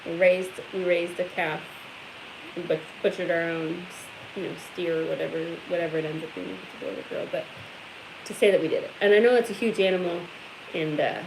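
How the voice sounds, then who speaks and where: A woman's voice: lowish voice, steady tone, brisk, noisy background. Midwestern woman reading viewer comments. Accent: Midwestern American. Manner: chatty, reads comments aloud. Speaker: co-host of a farm livestream.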